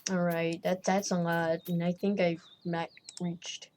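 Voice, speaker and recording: A man giving casual, excitable gameplay commentary, joking around and often repeating or restarting his phrases. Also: sits high, unhurried, slight background noise.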